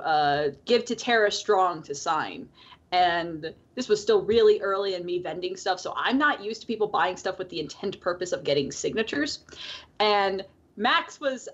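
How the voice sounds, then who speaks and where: A woman's voice: mid-range voice, a bit bright. A woman co-hosting a podcast in casual chat, rambling with lots of fillers and frequent laughs. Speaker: podcast co-host. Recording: dull lo-fi call audio.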